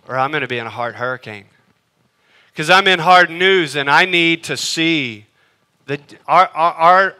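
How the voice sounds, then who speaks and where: A male pastor with a slightly high voice and clean tone preaches emphatically, swinging between loud declarations and hushed asides.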